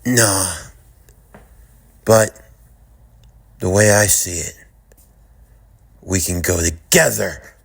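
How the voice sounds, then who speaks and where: A man voicing a dying man in a fan-made audio drama, speaking quietly and with resignation. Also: low-pitched, extremely slow, vocal fry, long pauses, husky, pitched below the performer's own voice, full character voice. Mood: resigned.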